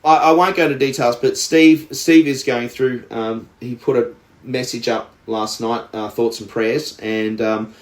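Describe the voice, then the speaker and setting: A man's voice: medium pitch, fairly even intonation, measured pace, reverberant. An Australian man co-hosting a podcast, telling a story in a rambling way with lots of restarts and fillers. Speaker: podcast co-host. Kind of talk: casual chat.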